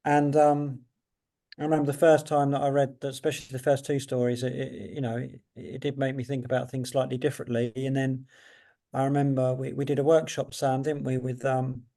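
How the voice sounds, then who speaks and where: A man's voice: medium pitch, flat delivery, fairly quick, creaky, mellow. A man speaking reflectively and hesitantly in a casual video call chat. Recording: distant video call mic.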